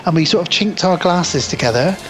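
A man's voice: fairly high pitch, expressive, a little fast, over music. A man around forty, co-hosting a podcast, telling a long rambling story in casual film chat. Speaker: podcast co-host.

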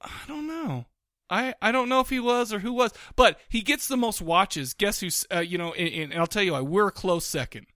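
A man co-hosting a podcast in casual chat, rambling with many restarts and fillers, excitable and quick to laugh. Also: high-pitched, no echo, clean studio sound. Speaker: podcast co-host.

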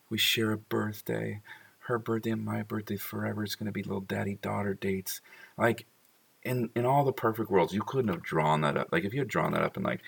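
Very deep-voiced man, husky and gravelly, rambling casual talk, set back from the mic. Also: a bit bright, recorded from a distance. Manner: rambling, full of "like" and laughter. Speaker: father talking about his children. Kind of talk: casual heartfelt monologue.

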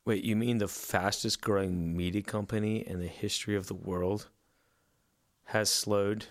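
A man reads news headlines aloud on a casual podcast and cracks jokes about them. His voice sits fairly low, and the sound is dry and close, with no room echo. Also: fairly even intonation, a little slow. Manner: reads headlines aloud, then laughs and quips. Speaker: podcast co-host reading headlines.

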